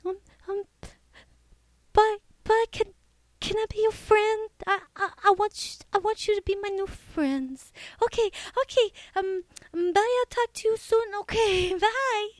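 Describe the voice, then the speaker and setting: A woman's voice: very high voice, steady tone, a little slow, no echo. A woman doing a shy stammering little boy. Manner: stammering, repeating words.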